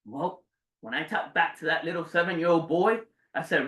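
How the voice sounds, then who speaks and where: A man in his forties giving a motivational speech to a live audience, dramatic and swearing, jumping between loud bursts and hushed low lines. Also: moderate pace, recorded from a distance. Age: 40s. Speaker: motivational speaker. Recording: roomy sound from away from the mic.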